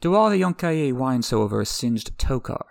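A man reading the lines of a cool, proud young female queen in a calm, imperious way. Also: medium pitch, moderate pace, vocal fry, dry recording, studio quality. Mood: commanding.

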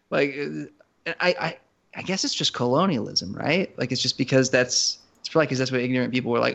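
A man co-hosting a podcast, chatting casually in a rambling, animated way, full of fillers and restarts. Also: medium pitch, a little fast, vocal fry, muffled recording. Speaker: podcast co-host. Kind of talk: casual chat.

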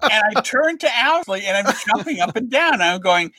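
A middle-aged man, a comic book writer guest, telling anecdotes in a lively way and acting out the lines of the people in them. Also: high voice, normal speed, few pauses, no echo. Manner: lively storyteller who acts out other people's lines.

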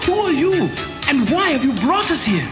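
A defiant young hero from a cartoon, speaking high and with lively swings. The lines come slowly and sound echoey. Music plays clearly under him. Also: male voice. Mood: alarmed. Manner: alarmed, questioning. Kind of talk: cartoon voice acting.

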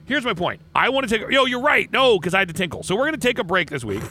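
A man's voice: high voice, sing-song, racing, sharp tone. A man co-hosting a podcast, rambling through casual chat with crude jokes and constant restarts. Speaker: podcast co-host.

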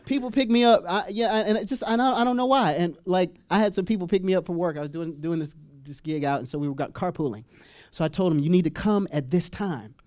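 A man preaching a humorous storytelling sermon as pastor, acting out scenes with sudden high squeals and laughter. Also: fast, no room sound. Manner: animated, acts out voices with sudden high-pitched squeals and laughs.

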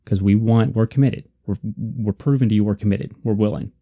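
A man's voice: on the low side, fairly even intonation, a little fast, no room sound, narrow, tinny audio. A man co-hosting a casual faith discussion, earnest and reflective, repeating points for emphasis. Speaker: podcast co-host.

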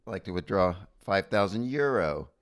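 A man's voice: deep voice, animated, moderate pace, clear, resonant tone. A man voicing a pushy bank customer in a muddled, made-up foreign accent, demanding his cash. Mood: polite. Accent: mishmash put-on accent. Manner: demanding, huffy.

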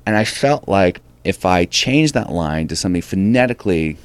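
A man, a comedian and actor, telling an animated story in a casual interview, acting out quoted lines with lots of restarts. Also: sits low, moderate pace, smooth, no echo.

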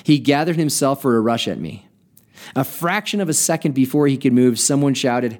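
A podcast host reading a story aloud in an expressive storytelling manner. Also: male voice, mid-range voice, moderate pace.

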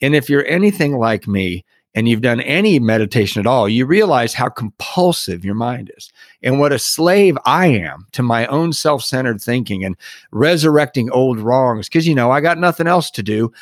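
Middle-aged man, podcast guest, earnest reflective storyteller, mid pitch, dry close sound. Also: expressive, moderate pace, no room sound. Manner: earnest, reflective, with soft laughs. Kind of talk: personal storytelling.

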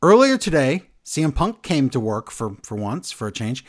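A man hosting a casual wrestling podcast, recapping the show in excited, animated bursts. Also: medium pitch, normal speed, a crowd in the background. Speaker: podcast host.

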